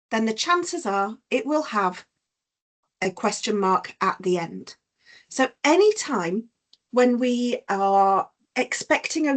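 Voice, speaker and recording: Slow, patient woman teacher. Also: fairly high pitch. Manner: patient, explains with examples. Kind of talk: online punctuation lesson.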